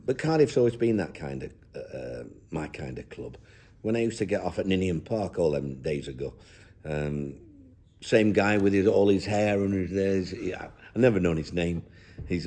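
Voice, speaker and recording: In a low, warm voice, an older man who manages football looks back during a reflective interview. He talks in a down-to-earth way and rambles, restarting often.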